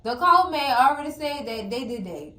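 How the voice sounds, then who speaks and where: High-voiced woman ranting in an echoey room. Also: normal speed. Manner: animated, exclamatory, addresses viewers as cousins. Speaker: TV recap host. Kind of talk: casual TV recap commentary.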